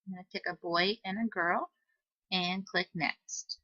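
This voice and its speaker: Patient woman teacher walking through software. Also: lowish voice, fairly even intonation, measured pace, no echo, highs cut off. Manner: patient, step-by-step instructions with "um" fillers. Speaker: teacher giving a tutorial. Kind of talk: screen-recorded software tutorial. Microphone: computer microphone.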